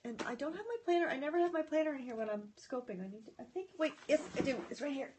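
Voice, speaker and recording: High-voiced chatty woman livestreaming. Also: very fast, background noise. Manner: chatty and scattered, greeting viewers by name; excitable, often breaks off mid-sentence. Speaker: livestream host reading viewer comments. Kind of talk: casual live chat. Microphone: phone or tablet.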